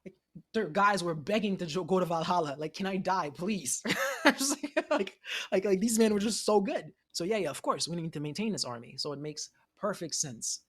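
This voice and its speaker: A man in a casual anime discussion, lively and quick to laugh. He jumps into the characters' voices as he retells scenes, then drops back into his easy chatting tone. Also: high voice. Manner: animated, laughs often, acts out characters' lines. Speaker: podcast co-host.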